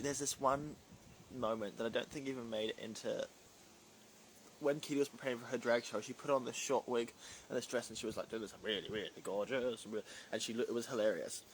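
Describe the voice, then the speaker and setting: A young man, a drag performer, casually chats on a livestream, reading and answering fan comments with lots of fillers and rambling asides. His voice is medium-pitched, fairly even, and fairly quick, on poor audio with slight background noise.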